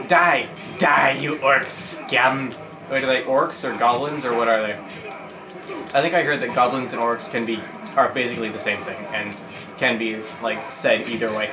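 A young man hosting a let's play, giving goofy, rambling, excitable commentary on a game. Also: medium pitch. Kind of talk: casual gameplay commentary. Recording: roomy sound with game music.

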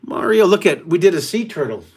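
Middle-aged male drawing teacher, slightly high voice, playful and excitable, live kids' webcast from home. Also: fairly quick, breathy edge. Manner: playful, excitable, chatty, addresses kids directly. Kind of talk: live online drawing lesson. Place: at home, son and cat in the room.

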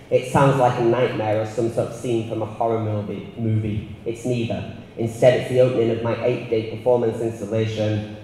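A man's voice: fairly low pitch, level tone, warm tone, slight background noise. Northern English man lecturing in a hall. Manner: measured and reflective, with filler ums. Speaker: artist giving a lecture. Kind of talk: lecture, partly read from a prepared text. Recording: roomy hall with long reverb.

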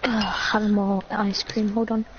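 A woman's voice: mid-range voice, flat delivery, unhurried, background noise. A young woman chatting and joking along while playing a game. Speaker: player. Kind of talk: casual gaming chat. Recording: dull lo-fi mic.

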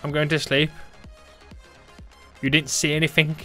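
A young man giving playful, excitable let's play commentary, taunting and often bursting into loud shouts. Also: on the high side, measured pace, faint music behind. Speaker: gaming YouTuber.

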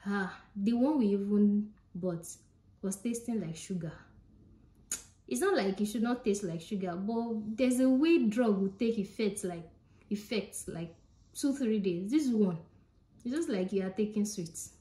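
A woman with a Nigerian accent chats straight to her viewers, warm and mellow in tone. She leans on her points and says them again for emphasis. The sound has a roomy echo around it. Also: mid-range voice, measured pace. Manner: chatty and emphatic, repeats points directly to viewers. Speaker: vlogger. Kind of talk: casual vlog talk to camera.

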